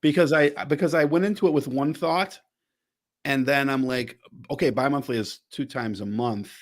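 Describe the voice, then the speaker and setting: A man's voice: mid-range voice, normal speed. Rambling male podcast host, casual chat. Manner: rambling, with frequent restarts and swearing.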